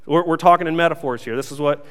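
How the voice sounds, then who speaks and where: A young man preaching a sermon, telling a funny self-mocking story in a lively way before reading scripture. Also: on the high side, fast talker, in a large hall. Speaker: pastor.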